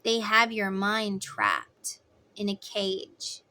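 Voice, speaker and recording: A woman's voice: mid-range voice, very animated, drawn-out words, bright, forceful tone. A woman giving a casual tarot reading, talking in an emphatic, chatty way. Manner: emphatic, chatty, acts out voices in quotes. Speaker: tarot reader.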